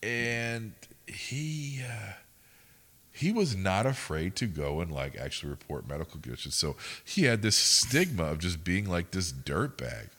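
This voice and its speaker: A man's voice: low-pitched, very animated, measured pace, a bit bright. A young man co-hosting a podcast, telling rambling, profane stories in casual chat. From United States. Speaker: podcast co-host.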